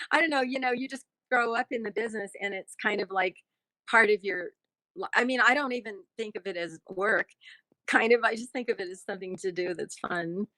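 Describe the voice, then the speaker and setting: Chatty laughing actress, bright voice. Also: female voice, medium pitch, brisk, no echo. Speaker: actress and guest. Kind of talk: casual interview chat.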